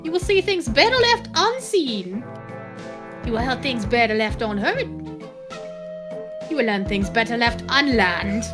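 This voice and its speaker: A woman's voice: a little high, very animated, unhurried, long pauses, music in the background, pitched below the performer's own voice. Woman putting on a wandering English-accented voodoo fortune teller. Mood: mystical. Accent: put-on English accent drifting elsewhere. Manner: dramatic, solemn prophecies, accent wandering. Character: female fortune-telling voodoo lady, theatrical mystic. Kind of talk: comic improvised game voice-over.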